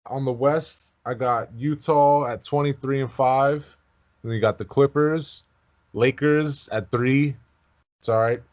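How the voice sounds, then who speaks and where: A young man co-hosting a sports podcast, opinionated and quick to chime in. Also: mid-range voice, steady tone, a little mellow, dull audio. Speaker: podcast co-host. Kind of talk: casual sports chat.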